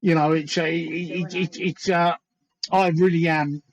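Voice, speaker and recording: A man in his fifties or sixties with an East London Cockney accent, co-hosting a casual livestream chat, talking in a chatty way with halting restarts. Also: fairly high pitch, level tone, vocal fry, dull audio. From East London, England. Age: 50s or 60s. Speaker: livestream co-host.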